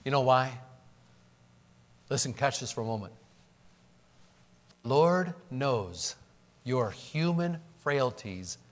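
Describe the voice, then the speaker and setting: A pastor preaches a sermon, acting out the voices he quotes and swinging between loud, emphatic lines and low, hushed ones.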